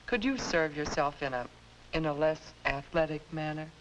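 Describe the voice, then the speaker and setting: An actress playing a polite, gently scolding mother in a 1950s educational film. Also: low-pitched, normal speed, background noise, close to an everyday voice. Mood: gentle.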